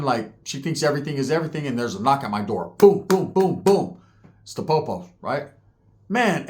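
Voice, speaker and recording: A man in his forties from California, telling street stories in a casual, profane way with heavy slang. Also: a little high. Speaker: storyteller host.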